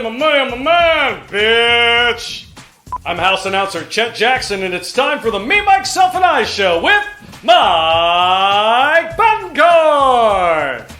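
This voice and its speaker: A man's voice: high voice, sharp tone, pitched above the performer's own voice, exaggerated voice. A man voicing a drunk, brash male house announcer with crude, over-the-top patter in a comic show intro. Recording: roomy echo, faint music behind.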